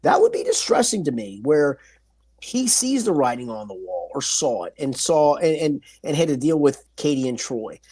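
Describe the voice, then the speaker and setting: A man co-hosting a sports podcast, talking in an animated, emphatic way and often restarting his sentences. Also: on the high side, normal speed, breathy edge. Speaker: podcast co-host. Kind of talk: casual sports talk.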